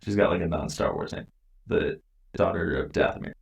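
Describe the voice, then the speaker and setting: A man's voice: deep voice, fairly quick, creaky, slightly rough. A man co-hosting a podcast in casual, joking, rambling chat. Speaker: podcast co-host.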